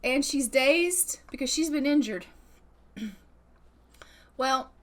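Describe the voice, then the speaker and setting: A gaming YouTuber, a young adult woman, narrates her Sims play in casual, chatty commentary, swearing freely as she voices her character. Her voice is high-pitched and expressive, and she takes her time.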